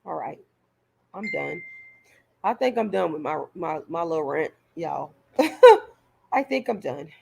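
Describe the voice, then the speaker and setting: A woman's voice: deep voice, animated, measured pace, gravelly, pauses often, slight background noise. A woman vlogger delivering a heated, profane rant straight to her viewers, stumbling over repeated words as she pushes her point. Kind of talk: direct-to-camera rant.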